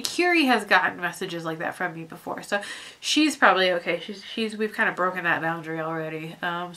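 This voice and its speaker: A young woman with a bright, clear voice talks straight to her viewers in a personal vlog. She is teary and keeps trying not to cry, and her sentences stop, restart and trail off. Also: on the high side. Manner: halting, heartfelt, many restarts and fillers. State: teary, fighting back tears. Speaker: vlogger.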